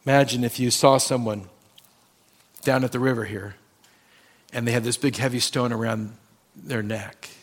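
A man's voice: medium pitch, fairly even intonation, normal speed, long pauses. A male pastor preaching a sermon, talking conversationally and addressing the congregation directly with personal stories.

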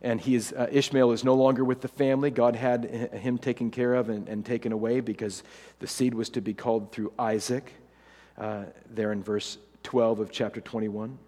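A male preacher at a middle pitch tells the story with humor and energy, acting out the characters as he goes. His voice rings through a large church with a long reverb. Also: normal speed. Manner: animated, humorous storytelling with acted quotes. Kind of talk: sermon.

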